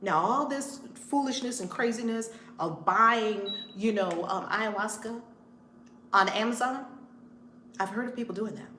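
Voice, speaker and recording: A woman's voice: a little high, unhurried, sharp tone, a little hiss or hum. A woman reverend hosting a casual live-stream storytime from her home, greeting viewers by name as she talks. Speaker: reverend and channel host. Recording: roomy home room with faint ambience.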